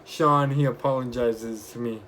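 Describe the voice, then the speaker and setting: A young man vlogging, casually retelling his week with lively quoted bits of dialogue. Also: mid-range voice, unhurried, slight background noise. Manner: chatty, animated retelling with acted quotes. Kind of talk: casual storytelling vlog.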